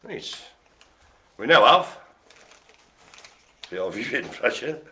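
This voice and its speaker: Lively, bright-voiced man hosting bingo. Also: mid-range voice, slow. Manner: rambling, jokey, stumbles over names. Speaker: bingo host. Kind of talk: live online bingo hosting.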